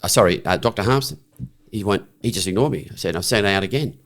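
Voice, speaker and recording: On the low side and quick, the voice belongs to a middle-aged Australian man guesting on a podcast. He tells his story plainly and bluntly, restarting now and then and asking "right?" out of habit.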